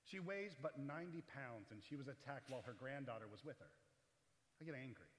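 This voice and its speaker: A man preaching a sermon as pastor in a chapel, animated, swinging between loud and hushed delivery. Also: mid-range voice, a little fast, in a large hall, slight background noise. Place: large echoey chapel.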